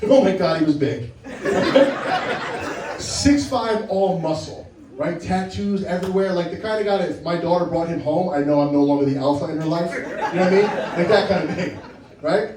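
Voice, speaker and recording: A man with a high voice delivers stand-up in short, punchy beats, teasing and checking in with "right?". The sound is roomy and echoey, and the mic is a bit far from him. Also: expressive, moderate pace, noisy background. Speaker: stand-up comedian. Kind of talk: stand-up set.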